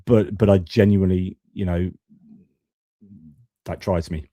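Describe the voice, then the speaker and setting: Blunt man in his forties, dark low voice. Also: fairly even intonation, unhurried, no echo. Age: 40s. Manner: blunt, conversational, casual swearing, many restarts and fillers. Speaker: host of a geopolitics live stream. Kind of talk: unscripted live stream commentary.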